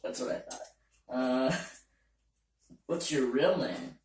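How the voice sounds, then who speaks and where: Woman player, low voice, slow, blunt and teasing, roomy distant recording. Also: a little mellow. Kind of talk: casual tabletop play.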